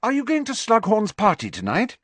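Man reader playing clever teen girl, high, pointedly sweet, dry close mic. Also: wildly swooping pitch, brisk, dry recording, exaggerated voice. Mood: sweetly smug. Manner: bright, pointedly sweet delivery. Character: teenage girl, brainy, sweetly smug.

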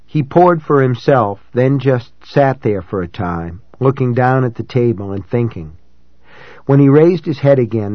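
A man of middling pitch narrates a novel in first person, calm and reflective. His delivery is measured and even. The recording is dry, close and slightly dull. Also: no room sound. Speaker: audiobook narrator.

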